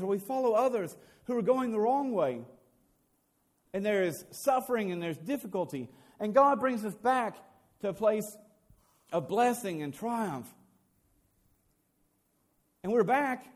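A man's voice: high-pitched, a little mellow. A man preaching a sermon as a pastor, earnest, often repeating words as he builds a point.

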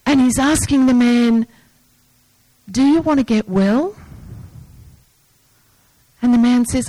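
A woman preaching slowly and earnestly, her voice sitting a little high. The sound is dry and close, with no room around it. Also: dry recording, rough recording. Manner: earnest, breaks into lively movie-yelling asides. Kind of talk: sermon.

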